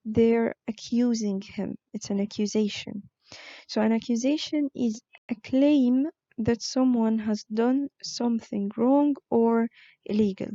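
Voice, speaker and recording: A woman teaching an online vocabulary lesson, explaining words slowly with frequent fillers. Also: fairly high pitch, warm tone, dry recording, dull audio. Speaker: English teacher.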